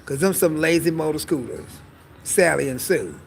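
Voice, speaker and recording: Man vlogger with an animated, sassy comic delivery and a high, gravelly voice, swearing freely. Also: moderate pace, poor audio. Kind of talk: casual comedic monologue.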